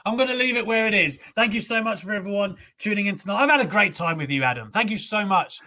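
A young man hosting a casual wrestling talk show, animated, ranting and swearing freely. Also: high-pitched, quick pace, hardly any pauses. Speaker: host.

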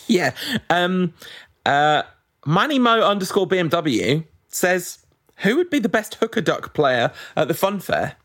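A man's voice: high-pitched, big pitch swings, unhurried, fairly bright tone. Chatty man reading listener questions. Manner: chatty, wry, reads out listener messages with asides. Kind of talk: casual football podcast chat.

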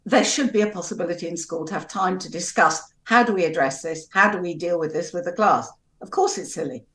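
A woman, an educational psychologist, speaking as a guest in a radio debate in a measured, calm, reasoning way. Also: on the low side, roomy sound.

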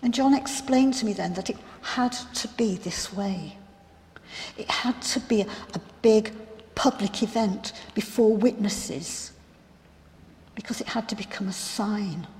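Woman as a reflective biblical sister, unhurried monologue, mid-pitched, big reverberant hall. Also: a little mellow, lightly acted. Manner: earnest, reflective, halting storyteller. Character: grieving biblical sister of a raised man, earnest and reflective. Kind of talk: first-person dramatic monologue.

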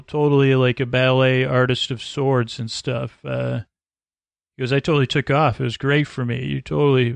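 A man hosting a podcast, casually recapping a TV episode and paraphrasing the characters in slangy voices, with many "uh" fillers and halting restarts. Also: mid-range voice, gravelly, dry recording.

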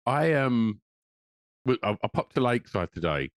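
A man's voice: medium pitch, sing-song, normal speed, no echo. A middle-aged man co-hosting a live podcast, joking and swearing freely in casual banter, with filler words along the way. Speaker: podcast co-host.

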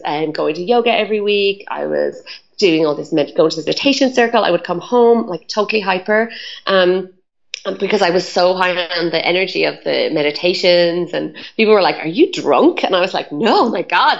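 A woman's voice: lowish voice, creaky, dull audio. A woman telling her story as an interview guest, chatty and full of "like" and "um" fillers. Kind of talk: casual storytelling.

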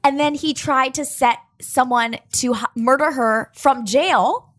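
A woman's voice: sits high, fairly bright tone. Chatty young-sounding woman telling stories. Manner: chatty storyteller, quick laughs, lots of "like". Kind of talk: casual chat.

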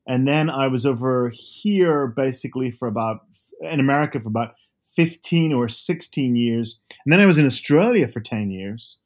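A man in his fifties from Northern Ireland with a softened Northern Irish accent, chatting as a guest author over a video call and telling lively, animated stories. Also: mid-range voice, normal speed. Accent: Northern Irish, softened by years abroad. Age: 50s. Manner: animated storyteller, lively asides.

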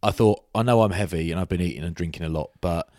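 A man with a very deep voice co-hosts a rugby chat, spinning long, matey anecdotes in a loose, casual way. His voice sounds dry and close to the mic. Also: fast talker, darkish tone, dry recording. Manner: rambling anecdotes, matey banter. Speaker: rugby podcast co-host.

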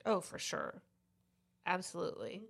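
A woman's voice: on the low side, wildly swooping pitch, a little slow, vocal fry, fairly bright tone, breathy edge. A woman co-hosting a podcast, making dry, sarcastic asides in casual chat. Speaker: podcast co-host.

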